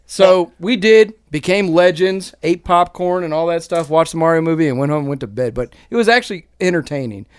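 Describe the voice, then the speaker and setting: Rambling man, slightly high voice. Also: lively intonation, a little fast, hardly any pauses, clean tone, no echo. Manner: rambling, self-correcting. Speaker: podcast co-host. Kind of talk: casual chat.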